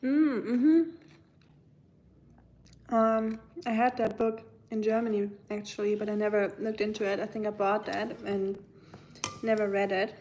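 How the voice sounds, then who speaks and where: A woman's voice: medium pitch, steady tone, measured pace, long pauses, darkish tone, a little hiss or hum, low-quality recording. A young woman hosting a casual livestream, chatting and musing with her viewers while she eats. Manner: chatty, musing, answers chat while eating. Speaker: livestream host. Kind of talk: casual chat with live chat viewers.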